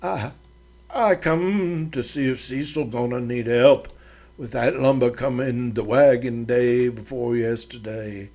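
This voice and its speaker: A man voicing a nervous, timid frontier ranch hand who stammers and mumbles quietly. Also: medium pitch, steady tone, takes it slowly.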